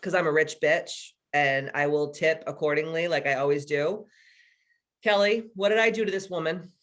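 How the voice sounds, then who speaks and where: A woman's voice: sits low, moderate pace, a bit bright. A woman hosting a video call workshop, swearing freely and laughing through casual stories. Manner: profane, laughing storyteller. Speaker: workshop host. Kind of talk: casual chat.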